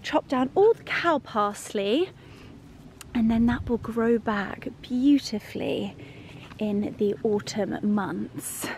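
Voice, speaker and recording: A woman vlogging, chatting warmly and gushingly to her viewers and her dogs. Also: on the high side, expressive, slow pace, a little hiss or hum. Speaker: lifestyle vlogger. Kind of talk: casual vlog chat to camera.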